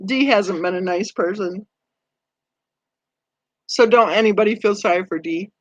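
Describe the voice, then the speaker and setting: A woman hosting a true crime channel, chatting with viewers and reading their comments, conversational and quick to laugh. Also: medium pitch, no room sound, muffled recording. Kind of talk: livestream chat reading comments.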